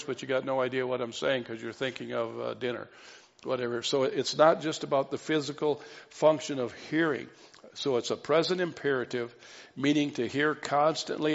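A man's voice: mid-range voice, vocal fry. A man preaching a sermon as pastor, earnest and repeating key phrases for emphasis. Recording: dull reverberant hall recording.

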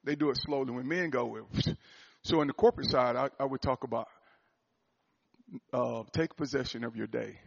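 A man giving a sermon-style talk to a church audience, swinging into loud emphatic preaching. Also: medium pitch, normal speed, gravelly, breathy edge. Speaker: speaker at a church gathering. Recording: muffled lo-fi recording.

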